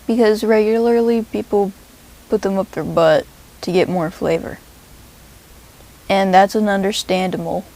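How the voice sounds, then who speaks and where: Slow-talking woman telling a story. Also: medium pitch, gravelly, a little hiss or hum, low-quality recording. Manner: deadpan absurd narration. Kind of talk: rambling comedic storytelling.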